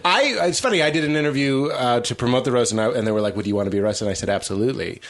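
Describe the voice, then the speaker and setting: A man's voice: medium pitch, animated, racing. A man guesting on a comedy podcast, joking playfully in casual chat. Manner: goofy, playful, bursts into laughter and song.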